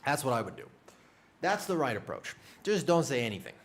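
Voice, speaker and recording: Rambling, lively-pitched male streamer. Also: fairly quick. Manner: rambling, self-deprecating, swears casually. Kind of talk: casual stream chat.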